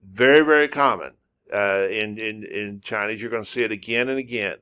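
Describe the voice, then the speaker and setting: A man teaching a casual spoken lesson as a non-native speaker. He repeats syllables slowly and uses many fillers. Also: lowish voice, pushed and bright, clear, resonant tone. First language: English. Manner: repetitive, drawn-out demonstrations of syllables with frequent fillers. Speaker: language teacher.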